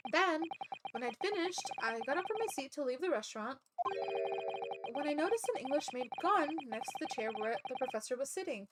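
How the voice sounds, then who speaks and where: A woman's voice: sits high, expressive, brisk, very noisy. A woman reading a flustered young defendant. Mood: pleading.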